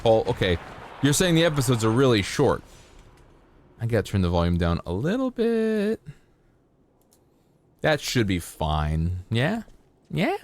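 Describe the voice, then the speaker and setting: A man's voice: mid-range voice, huge pitch swings, a little slow, pauses often. A man streaming a game live, chatting casually and playfully with his viewers while he plays. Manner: rambling, playful, talking to chat while playing. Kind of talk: live gameplay stream chat.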